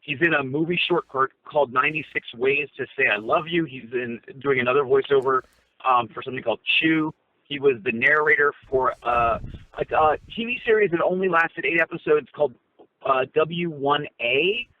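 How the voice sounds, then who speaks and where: A man calls in from his parked car over a thin, tinny phone line. His voice sits a touch above the usual male pitch. He rambles through casual talk, full of fillers and restarts. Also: normal speed, dry recording. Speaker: co-host. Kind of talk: casual chat.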